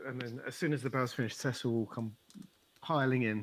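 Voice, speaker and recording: A man with a Birmingham accent playing a tabletop game, animated as he describes his character's moves. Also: medium pitch, a little fast, poor audio. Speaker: player.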